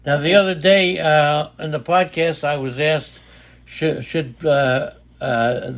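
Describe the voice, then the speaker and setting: An older man with a high-pitched voice, co-hosting a casual fantasy baseball chat, teasing and rambling with fillers. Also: steady tone, slow pace, fairly bright tone. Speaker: podcast co-host.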